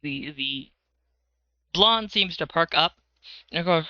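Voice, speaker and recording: A man's voice: on the high side, animated, takes it slowly, no room sound. A man narrating a tabletop game as its dungeon master in a loose, playful way with many fillers, on slightly dull lo-fi audio.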